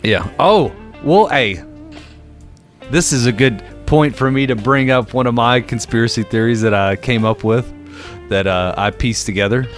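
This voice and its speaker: A young man on a podcast, co-hosting, relates an informal story riddled with fillers, his voice sitting in the middle range at a normal speed. He tells it animatedly, doing voices for the characters, over faint background guitar.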